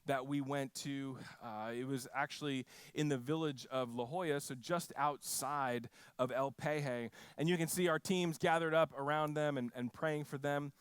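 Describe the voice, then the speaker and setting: A man preaching a sermon, telling a mission story with frequent restarts and lively quoted voices. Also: mid-range voice, clear, resonant tone, no echo. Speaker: pastor.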